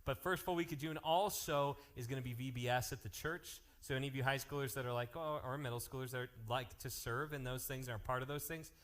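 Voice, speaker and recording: An energetic man running a youth group, cracking jokes and jumping from topic to topic. His pitch sits in the middle of the male range. He speaks to a live room of teens. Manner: energetic, joking, jumps between topics. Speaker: youth pastor. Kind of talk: live youth ministry announcements and storytelling.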